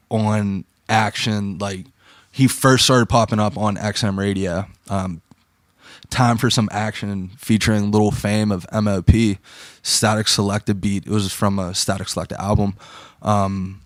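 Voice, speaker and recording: A man's voice: lowish voice, dry recording, studio quality. A young man from Pittsburgh telling stories in a casual chat as a podcast guest, laid-back and slangy, full of "like" and "dude".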